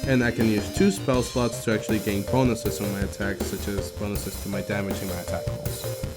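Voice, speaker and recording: A man with a fairly low voice plays in a tabletop game. He walks through his character's rules and dice rolls in careful detail. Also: level tone, fairly quick, loud music behind the voice. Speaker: player.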